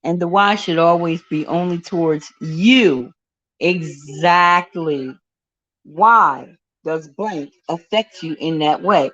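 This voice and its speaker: A woman's voice: lowish voice, slow, fairly bright tone. A woman chatting casually on a live stream, greeting viewers by name. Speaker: livestream host. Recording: dull, slightly lo-fi sound.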